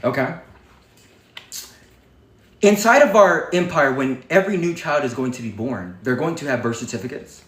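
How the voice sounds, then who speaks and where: A man's voice: mid-range voice, animated, moderate pace, pauses often. A man hosting a livestream, giving a defiant, preachy monologue full of swearing. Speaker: livestream host. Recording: echoey room.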